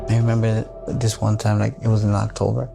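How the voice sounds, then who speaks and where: A man's voice: on the low side, little pitch movement, a little fast, gravelly. A man recounting his past in a podcast interview, profanely acting out old phone calls. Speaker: interviewee telling his story. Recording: podcast clip with music underneath.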